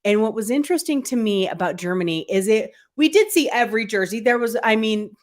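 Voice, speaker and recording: A woman's voice: fairly high pitch, lively intonation, brisk. A woman co-hosting a casual live football podcast, upbeat and chatty, with plenty of fillers. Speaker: podcast co-host. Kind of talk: casual live-stream chat.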